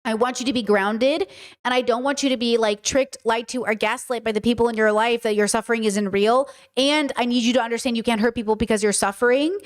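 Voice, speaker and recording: Passionate woman with a higher voice. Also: steady tone, fairly quick. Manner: passionate, emphatic, repeats points. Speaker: podcast host. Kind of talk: casual monologue.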